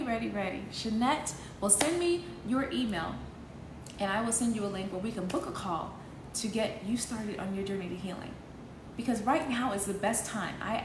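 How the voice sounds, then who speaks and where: A woman healing coach talking earnestly and emotionally to her viewers, direct and faith-filled. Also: fairly high pitch. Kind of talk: emotional live talk to viewers. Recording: echoey room with noise.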